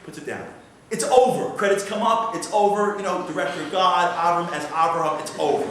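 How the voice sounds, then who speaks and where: A man giving an animated storytelling sermon as a guest speaker, dramatic and conversational, full of rhetorical questions. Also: high voice, fairly quick, slight background noise. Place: synagogue sanctuary. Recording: echoey hall, mic far off.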